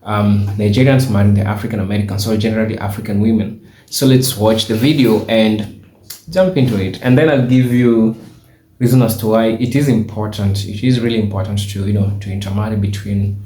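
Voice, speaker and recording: A man from Kenya talks through a reaction commentary with a fairly low voice, pausing often on fillers as he asks questions. His voice bounces around an echoey room. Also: fairly even intonation, dark tone. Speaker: host.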